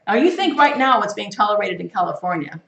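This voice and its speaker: A woman's voice: mid-range voice, very animated, quick pace, gravelly, a bit bright. Emphatic woman teaching in an echoey church. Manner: emphatic, rhetorical questions. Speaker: Bible study teacher. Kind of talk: Bible teaching sermon. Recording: echoey room, mic far off.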